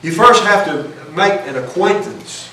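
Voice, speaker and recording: A man preaching with a fairly high voice, earnest and pressing, often restarting a phrase to drive it home. He sounds set back from the mic in a big echoing church room. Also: animated, unhurried, sharp tone, a little hiss or hum. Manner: earnest, restarts phrases while building a point. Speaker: pastor. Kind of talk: sermon. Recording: echoey hall, voice from far off the mic.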